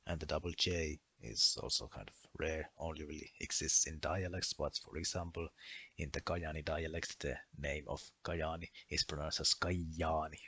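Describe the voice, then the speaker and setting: A man with a bright, forceful edge to a very deep voice narrates a lesson. He works methodically through the rules, giving one example after another. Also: moderate pace, breathy edge. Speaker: language explainer. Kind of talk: explanatory voice-over lesson.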